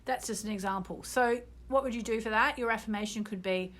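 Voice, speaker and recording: A middle-aged British woman who teaches astrology, guiding an online group through a manifestation exercise in a gently instructive way. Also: on the high side, fairly quick, hardly any pauses. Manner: gently instructive, with bursts of loud ecstatic gratitude.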